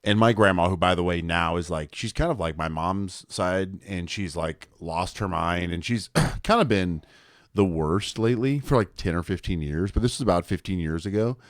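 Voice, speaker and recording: Brief: young male podcast co-host, fairly low voice, dry close sound, loose storytelling with lots of fillers. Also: normal speed, no room sound. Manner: rambling, filler-heavy storytelling with acted quotes. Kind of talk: casual storytelling chat.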